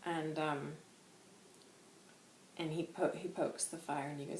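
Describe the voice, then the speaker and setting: A woman host giving a channelled spiritual reading, talking slowly and softly with meditative pauses and hesitations. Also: low-pitched, level tone. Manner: slow, soft and meditative, with hesitations. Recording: roomy echo with faint background noise.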